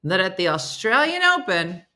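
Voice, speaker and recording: A woman's voice: mid-range voice, very animated, normal speed, bright, forceful tone. A woman hosting a casual live-stream chat, reading viewer comments aloud and answering them. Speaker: host.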